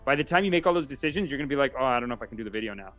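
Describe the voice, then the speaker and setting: A man's voice: medium pitch, lively intonation, fairly bright tone, soft background music. A young man co-hosting a casual podcast, joking around and doing impressions. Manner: quick, jokey, does impressions. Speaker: podcast co-host. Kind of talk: casual chat.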